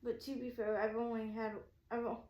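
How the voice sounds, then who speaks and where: A woman's voice: on the high side, moderate pace, roomy sound, lo-fi sound. A woman telling a story in a casual, rambling way, full of "like" and acted-out quotes. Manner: animated, rambling, heavy use of "like". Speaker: craft shop vlogger.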